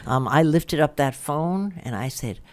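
A woman's voice: sits low, lively intonation, a little slow. An older woman as an interview guest, talking in a blunt, salty, anecdotal way. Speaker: guest business founder. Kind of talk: casual interview talk.

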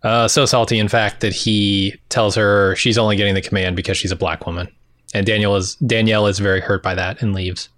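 A man co-hosting a casual podcast, calmly summarizing an episode from his notes. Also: on the low side, brisk, dry recording, studio quality. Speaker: podcast co-host. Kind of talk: casual TV recap chat.

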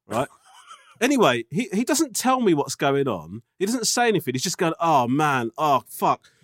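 A man's voice: sits high, big pitch swings, moderate pace, a bit bright, dry recording, studio quality. A man co-hosting a casual podcast, telling a story, swearing and laughing often. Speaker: podcast co-host.

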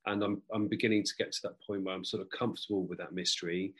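Reflective man, lowish voice. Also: little pitch movement, fast talker, a bit bright, husky. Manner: reflective, hesitant, many restarts. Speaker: podcast guest. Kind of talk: casual conversation.

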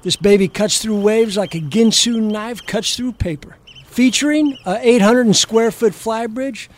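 Man playing a boastful salesy bro. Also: unhurried. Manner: brash sales pitch patter.

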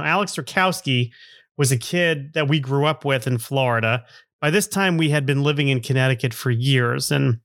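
A man's voice: medium pitch, a bit bright, no echo, studio quality. A man in his fifties hosting a podcast, telling a personal story in a rambling way with chuckling asides. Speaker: podcast host.

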